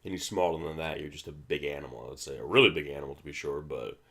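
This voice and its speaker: A man's voice: a bass voice, very fast, a bit bright. A man hosting a casual movie commentary, rambling with many restarts and fillers. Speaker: film commentary host.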